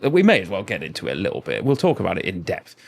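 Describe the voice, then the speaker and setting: A man's voice: sits low, wildly swooping pitch, fast, vocal fry. A middle-aged man co-hosting a podcast, chatting casually in a rambling, anecdotal way with plenty of swearing. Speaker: podcast co-host. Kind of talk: casual chat.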